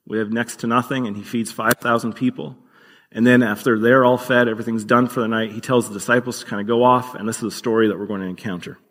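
A man's voice: mid-range voice, fairly even intonation, fast talker, a bit bright, in a large hall. A man preaching a sermon as pastor, earnest and conversational, with occasional fillers.

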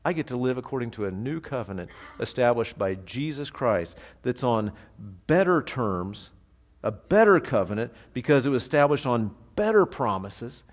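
A male pastor with a mid-range voice, speaking at normal speed, delivers a sermon in a reverberant hall. His preaching is animated and conversational, sprinkled with rhetorical questions.

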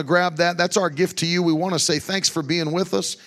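A man's voice: sits high, steady tone, normal speed, hardly any pauses, a bit bright. A man preaching and teaching emphatically, punctuating his talk with amens and hallelujahs. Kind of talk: sermon-style teaching to a broadcast audience.

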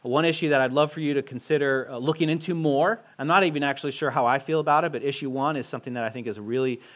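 A young man, a pastor, giving a relaxed, joking sermon with lots of fillers and restarts, asking the congregation questions. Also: mid-range voice, fast talker, no room sound. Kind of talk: casual sermon with audience interaction. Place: church hall. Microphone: handheld mic.

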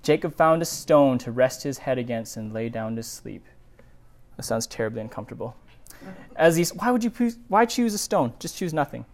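A male pastor giving a sermon, reading scripture aloud and breaking off into animated, digressive asides. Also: medium pitch, a little fast.

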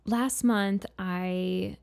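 Animated woman guest with gravelly edge. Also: mid-range voice, drawn-out words. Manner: animated storyteller. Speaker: podcast guest. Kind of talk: casual chat, anecdote.

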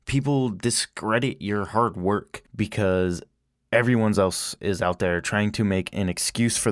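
A man's voice: deep voice, dry recording, clean studio sound. A man giving a blunt, heated warning at the start of his podcast, poking fun at himself. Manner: blunt, heated, self-mocking. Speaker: podcast host. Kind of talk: spoken warning intro.

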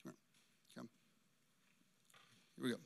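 A man preaching an interactive sermon, animated and constantly checking in with his listeners. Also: unhurried. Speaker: pastor.

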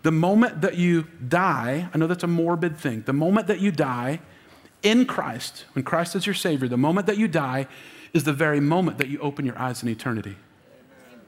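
A man's voice: a little high, expressive, moderate pace, long reverb tail. A man preaching an Easter sermon as lead pastor, emotional and calling on the congregation to answer back. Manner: emotional, preaching with audience call-and-response.

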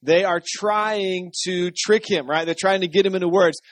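A man's voice: high voice, steady tone, normal speed, no room sound. A man preaching a sermon in a conversational style, often checking in with the congregation. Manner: conversational, asks the congregation for responses. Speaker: pastor.

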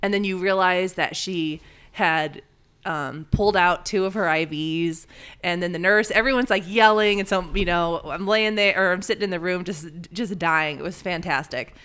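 A woman co-hosting a podcast, telling a story in a casual, animated way and laughing often. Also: lowish voice, normal speed, clear, resonant tone. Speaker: podcast co-host.

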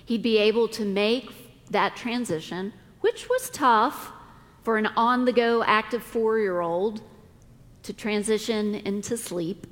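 A middle-aged woman pastor preaching a sermon, speaking deliberately with dramatic pauses. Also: mid-range voice. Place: church sanctuary. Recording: long reverb of a church hall.

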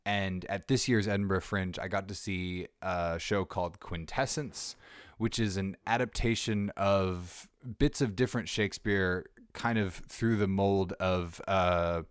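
Podcast host, man, deep voice, loose talky delivery, dry sound. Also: steady tone, unhurried, clear, resonant tone, dry recording. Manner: chatty, rambling with fillers and restarts. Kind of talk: casual podcast chat. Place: small black box theater backstage. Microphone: portable recorder.

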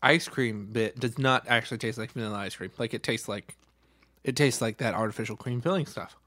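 A man's voice: medium pitch, fairly quick, fairly bright tone, no room sound. A man co-hosting a food podcast, laid-back and agreeable, chuckling as he talks. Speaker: podcast co-host. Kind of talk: casual chat.

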